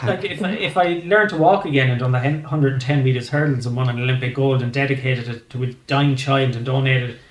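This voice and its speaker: A man's voice: medium pitch, fairly quick, few pauses, echoey room. An Irish man, a comedian guest on a podcast, telling rambling stories in casual chat and swearing freely. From Ireland.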